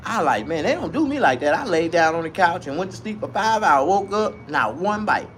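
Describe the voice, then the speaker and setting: A man's voice: high voice, a little fast. Guy ranting a crazy story, cussing a lot, bouncy voice, faint hum behind. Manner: profane, animated, rambling. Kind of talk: comic storytelling rant.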